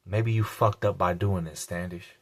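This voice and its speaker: A man's voice: sits low, steady tone, normal speed. A man telling a personal story on his vlog, blunt and a little profane, repeating key lines for emphasis. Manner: blunt and profane, casual slang.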